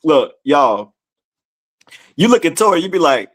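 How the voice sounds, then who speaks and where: A man with a high voice teaches scripture in a relaxed, conversational way. His pitch swings widely as he reads verses aloud and talks straight to his listeners. He takes his time, with an unhurried pace. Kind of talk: casual Bible study teaching.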